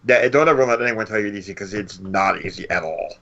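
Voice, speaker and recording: A man's voice: on the low side, fast talker, dull audio, crowd noise. A man co-hosting a podcast, speaking earnestly and encouragingly in casual chat. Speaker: podcast co-host.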